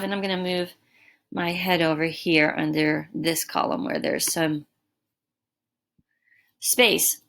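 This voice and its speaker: A woman teacher giving a recorded lesson, explaining deliberately with emphatic examples. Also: mid-range voice, fairly bright tone. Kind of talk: recorded distance-learning lesson. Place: home.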